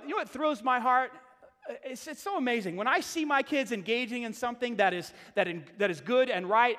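Middle-aged male pastor with a high voice, conversational and emphatic sermon delivery, long hall echo. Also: fairly bright tone. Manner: conversational, emphatic preaching with repeated phrases.

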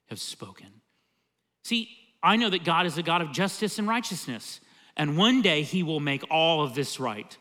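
A man's voice: a little high, pushed and bright. A male pastor preaching a sermon in a church, emphatic and conversational, often opening with "See.".

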